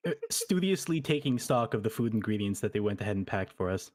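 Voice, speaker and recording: A man playing a tabletop game, describing in a relaxed way what his character does. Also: on the low side, fast. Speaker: player. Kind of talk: casual tabletop role-play.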